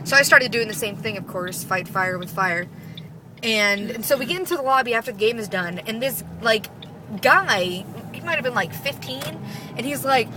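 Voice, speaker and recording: A woman's voice: fairly high pitch, lively intonation, moderate pace, background noise. A young woman vlogger ranting casually, profane, sarcastic and exasperated. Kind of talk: casual rant.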